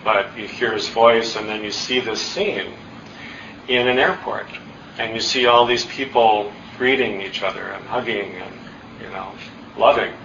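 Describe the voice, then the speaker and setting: A middle-aged man giving an earnest, self-deprecating public talk, with halting restarts. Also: medium pitch, fairly bright tone, echoey room, a little hiss or hum. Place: hall with an audience. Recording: distant, dull lo-fi talk recording.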